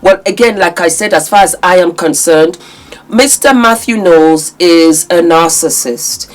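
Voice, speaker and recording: A woman with a fairly low voice hosts a casual commentary vlog. She speaks emphatically and warmly calls her viewers her darlings. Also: unhurried. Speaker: commentary channel host.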